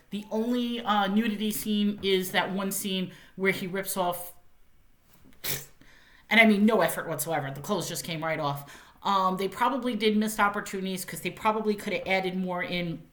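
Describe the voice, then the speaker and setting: A woman's voice: medium pitch, a bit bright. Chatty woman reviewing a film, roomy echo. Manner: chatty, laughs often, frequent fillers. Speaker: movie reviewer. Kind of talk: casual spoken movie review.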